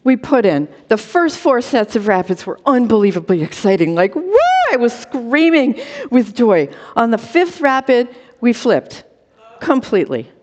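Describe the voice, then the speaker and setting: A woman's voice: fairly high pitch, sing-song, moderate pace, a little mellow, a little hiss or hum. A woman performing a comic true story for a storytelling contest, with dramatic timing and short, punchy phrases over a video call. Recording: dull lo-fi audio with long reverb.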